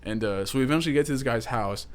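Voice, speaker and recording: A young man in his twenties with a drawl, co-hosting a casual podcast. He rattles through a long anecdote at a fast clip, filling it with "like", "dude" and casual swearing. His voice sits at an ordinary middle pitch. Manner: rambling, swears often, lots of "like" and "dude". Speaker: podcast co-host. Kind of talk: casual storytelling chat.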